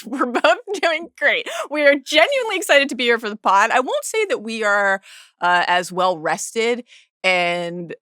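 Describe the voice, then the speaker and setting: A woman's voice: fairly high pitch, big pitch swings, a little slow, sharp tone, no room sound, clean studio sound. A woman co-hosting a podcast in casual, playful chat, laughing often. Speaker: podcast co-host.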